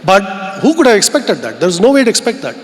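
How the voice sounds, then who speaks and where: A man with an Indian English accent speaks in a fairly high voice, delivering an earnest keynote at a conference. He muses aloud and poses rhetorical questions to the crowd, and his words ring out with the long echo of a large hall. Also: huge pitch swings, fast, noisy background.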